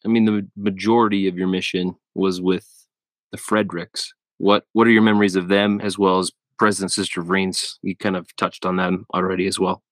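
A podcast host with a low voice asks his guest interview questions in an easygoing way, speaking briskly in a level tone. There's no room sound.

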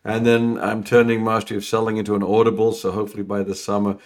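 A middle-aged man from London with a London accent, chatting as a podcast guest, warm and rambling with many restarts. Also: on the low side, flat delivery, fast talker. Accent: London English. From England. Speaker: podcast guest, new home sales trainer. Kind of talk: casual interview chat.

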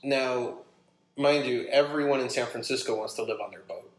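A man casually telling a long personal story, animated and acting out what people said. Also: medium pitch, normal speed. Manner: animated, acts out his own quotes. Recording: roomy echo.

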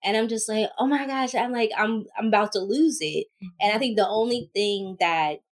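A young woman co-hosting a casual podcast chat, an animated storyteller who acts out quotes. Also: mid-range voice, moderate pace. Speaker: podcast co-host.

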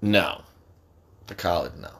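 Man, 40s, bright, lively pitch, profane, loud, casual sports chat. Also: measured pace, creaky. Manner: loud, profane, jumps to sudden yelling.

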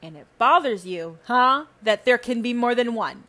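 A woman podcast host delivering a heavily profane, preachy spiritual rant that swings between loud emphasis and low asides. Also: lively intonation, normal speed.

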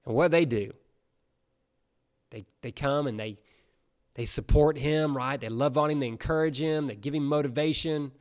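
A man preaching a sermon, retelling a Bible story in a casual, animated way. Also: on the high side, normal speed, long pauses, clean tone. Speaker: pastor.

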